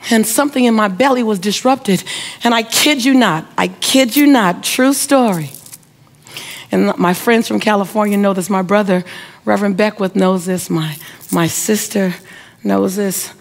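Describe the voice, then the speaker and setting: A middle-aged woman giving an inspirational speech, telling a personal story with emphatic repetition and speaking straight to her audience. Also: mid-range voice. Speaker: motivational speaker.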